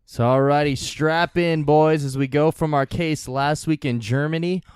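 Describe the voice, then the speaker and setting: A man's voice: a little high, steady tone, moderate pace, a little mellow, clean tone, no room sound, studio quality. A man hosting a casual comedy podcast, walking through the case with jokes and laughing at his own lines. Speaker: podcast host presenting the case.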